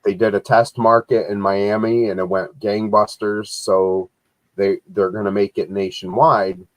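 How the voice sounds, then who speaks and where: A man's voice: on the low side, little pitch movement, measured pace, dry recording, low-quality recording. A man co-hosting a casual live-stream chat, telling everyday stories in an easygoing way. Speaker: co-host.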